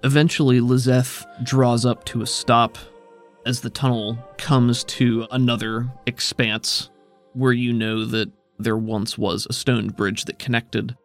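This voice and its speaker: A man narrates a tabletop adventure as its game master, painting dark caves and creatures in a steady voice. His pitch sits in the middle of the range, and faint music plays underneath. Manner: descriptive, steady storytelling with quick rules asides.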